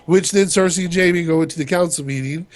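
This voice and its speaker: A man with a high voice talks fast, and the recording has no room sound. As a podcast co-host, he casually retells a TV episode in his own words, quoting characters loosely, rambling and laughing as he goes.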